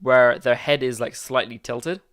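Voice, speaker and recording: A man's voice: mid-range voice, fairly even intonation, unhurried, a bit bright, smooth, dry recording, studio quality. A man hosting a casual podcast, rambling and restarting his sentences. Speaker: podcast host.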